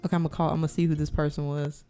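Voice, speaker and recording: A woman's voice: deep voice, flat delivery, racing, over loud music. A woman co-hosting a live call-in talk show, bubbly and laughing often. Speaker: co-host.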